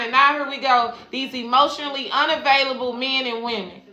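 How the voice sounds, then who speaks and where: A woman gives a tarot reading over a livestream, preaching to her viewers in a profane, affectionate way. Her voice is bright and a little high. The room is echoey, with faint music playing underneath. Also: fairly even intonation, fairly quick. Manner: preachy, profane, calls listeners baby and cousin. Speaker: spiritual life coach and tarot reader.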